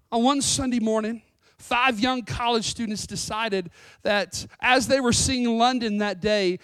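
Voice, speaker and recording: A woman pastor preaching a sermon, earnest and emphatic, slowing down to stress lines of scripture. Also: on the high side, a bit bright, no room sound, studio quality. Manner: earnest, emphatic, with scripture readings and dramatic slowdowns.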